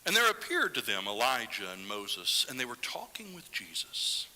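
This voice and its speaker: Animated preacher man, bright sermon voice. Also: medium pitch, normal speed, big-room sound, low-quality recording. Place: church sanctuary.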